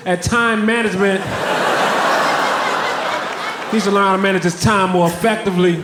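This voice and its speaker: A man telling stand-up stories on a club stage in a dry, deadpan way into a handheld mic. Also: sits high, fast, hardly any pauses, heavy background noise. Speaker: stand-up comedian. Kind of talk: stand-up comedy set. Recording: roomy live club recording with crowd. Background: audience laughter.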